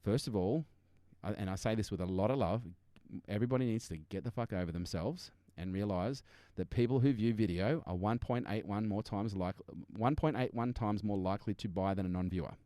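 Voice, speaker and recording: A man's voice: on the low side, brisk, mellow, dry recording. A man speaking as a podcast guest, emphatic and blunt, swearing now and then and acting out customers to make his points. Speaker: guest business strategist. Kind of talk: energetic podcast interview.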